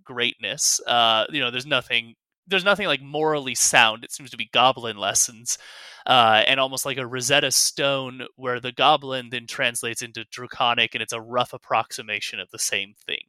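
A man narrating as game master in a tabletop game, halting with many fillers. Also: medium pitch, bright, forceful tone, smooth, no echo.

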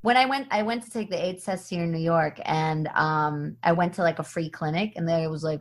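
A woman's voice: deep voice, a little fast, hardly any pauses. A woman comedian chatting as a podcast guest, telling stories with quoted voices and frequent laughs. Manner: animated storytelling with quoted voices; laughs often. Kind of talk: casual podcast chat.

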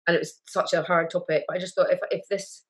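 A woman, a guest on an interview, talking openly and emotionally with lively retellings. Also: fairly low pitch, fast, breathy edge. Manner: emotional, candid, animated retelling. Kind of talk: casual interview chat.

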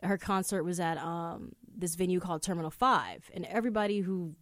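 A woman's voice: on the low side, fairly quick, no echo. A woman hosting her own podcast from a studio, rambling through casual stories with lots of swearing. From New York. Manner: chatty, profane, rambling storytelling. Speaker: podcast host. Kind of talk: casual solo podcast chat.

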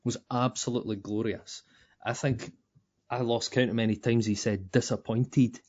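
A Scottish man co-hosting a football podcast, talking in sweary, laughing, animated banter. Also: mid-range voice, moderate pace, dull audio. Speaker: podcast co-host. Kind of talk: casual football chat.

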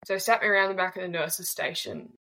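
Fast, bright and forceful, a fairly low-pitched woman's voice comes through a low-quality recording. She is an Australian in her twenties, telling her own story as a guest in a blunt, casual way and swearing freely.

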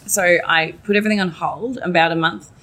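A woman's voice: fairly low pitch, fairly quick. A woman telling a personal story in casual chat, acting out what she and others said, and swearing now and then. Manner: animated, quotes herself and others in lively voices. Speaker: guest.

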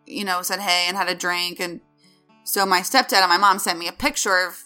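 A woman tells a rambling story in quick, animated chat, peppering her speech with fillers. Her voice is bright and sharp, with faint music behind her. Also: lowish voice. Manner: fast, animated, lots of fillers like "like". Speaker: entertainment interviewer telling a story.

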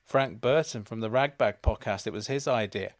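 A man's voice: mid-range voice, moderate pace, dry recording, studio quality, close to an everyday voice. A man voicing a breezy, friendly young male storybook hero in a comic bit, talking in a casual, matey way. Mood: chummy.

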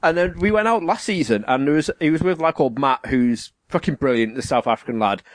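Animated man hosting a podcast. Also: medium pitch, fast, dry recording. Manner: swearing, laughing, animated storytelling. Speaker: podcast host. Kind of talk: casual podcast chat.

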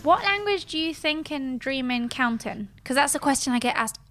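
A woman's voice: sits high, animated, moderate pace, over loud music. A woman, chatting casually and animatedly in a playful conversation. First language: French. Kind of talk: casual chat.

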